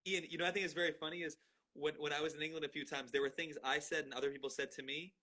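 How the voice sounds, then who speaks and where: A man with a slightly high voice who talks fast, hosting a poetry event over a video call. He jumps in eagerly and laughs between his comments. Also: fairly even intonation. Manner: warm, eager, quick interjections and laughter. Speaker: host.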